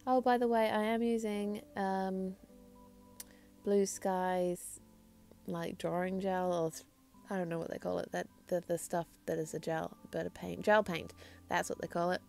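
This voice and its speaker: A woman with a low voice and a gravelly edge, her accent sliding between New Zealand and English. She narrates a nail tutorial in a loose, rambling way, often doubting her own explanations. Soft music plays faintly underneath. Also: level tone, unhurried. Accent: mix of New Zealand and English. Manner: rambling, hesitant, self-deprecating. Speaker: nail art vlogger. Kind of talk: casual voice-over tutorial.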